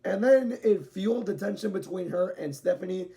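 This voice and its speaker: A man's voice: high-pitched, moderate pace, creaky, mellow. A young man giving a casual, rambling wrestling show review, correcting himself and laughing often.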